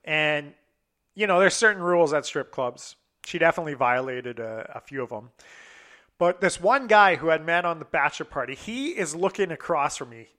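A man's voice: a little high, expressive, normal speed, bright, forceful tone. A young man telling a long personal story in a casual, rambling, profane way, acting out what others said.

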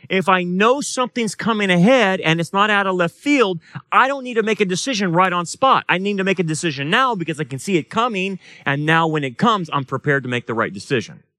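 Lively-voiced pastor teaching a Bible study. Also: male voice, sits high, normal speed, no echo. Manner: conversational Bible teaching with rhetorical questions; plays out voices in quoted dialogue. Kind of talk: sermon. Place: church or study room.

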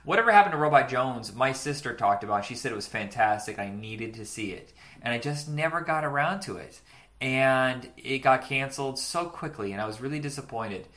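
Man in his forties, casual podcast chat, rambling, easy laughs, middle pitch. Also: fairly bright tone. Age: 40s. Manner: chatty, rambling, laughs easily. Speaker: podcast co-host. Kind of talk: casual chat about cartoons.

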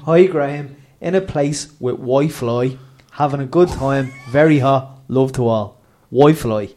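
A man imitating an excitable aunt in her sixties who is new to technology, in a high gushing voice. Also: moderate pace. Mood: chirpy. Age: 60s.

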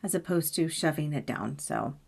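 A woman's voice: low voice, animated, moderate pace, vocal fry, a little mellow, a little hiss or hum. A woman in casual conversation, candid and laughing often, swearing freely as she talks through a personal story. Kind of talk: casual chat.

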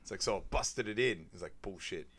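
A man with a fairly low voice chats casually as a podcast co-host. He walks through film scenes one by one, dropping into quoted lines and laughing along the way. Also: quick pace, a bit bright. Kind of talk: casual film recap chat.

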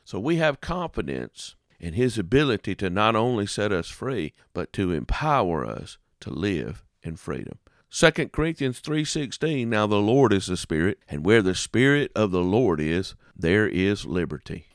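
Male radio preacher, deep-set voice, sweeping phrases he stretches out. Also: dry recording, studio quality. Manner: preaching with dramatic pitch swings and drawn-out phrases. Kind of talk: radio sermon.

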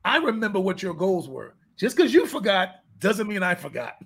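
A man's voice: sits high, moderate pace, creaky, breathy edge. A middle-aged man, a fitness coach, chatting casually and telling stories animatedly, acting out the dialogue. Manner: animated storyteller who acts out dialogue. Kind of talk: casual chat.

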